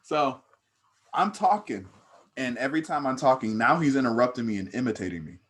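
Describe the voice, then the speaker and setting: A young man, a podcast co-host, telling a long story in a relaxed, casual way. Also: mid-range voice, a little fast. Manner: laid-back, laughs when riled up.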